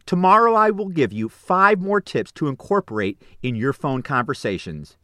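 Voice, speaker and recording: A man giving scripted, upbeat coaching tips on phone manners in an instructive, measured delivery. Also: fairly high pitch, very animated, a bit bright, no room sound, studio quality.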